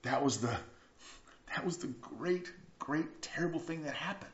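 A man preaching a sermon, earnest, moving between hushed passages and emphatic bursts and repeating words for emphasis. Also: on the high side, expressive, a little slow. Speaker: pastor. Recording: echoey room, dull lo-fi sound.

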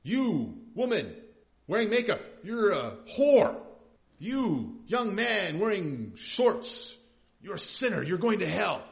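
Street preacher, male, shrill and accusing, yelling condemnation at passersby, as a pastor mimics him in a sermon. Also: sing-song, takes it slowly, gravelly, muffled recording, heavily acted. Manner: loud, accusing, high-pitched mockery.

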